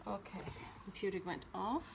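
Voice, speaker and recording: A woman's voice: mid-range voice, normal speed, vocal fry, noisy background. A woman chatting casually about her books at home by her shelves, talking in a rambling way with many ums and restarts. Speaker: book vlogger. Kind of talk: casual chat.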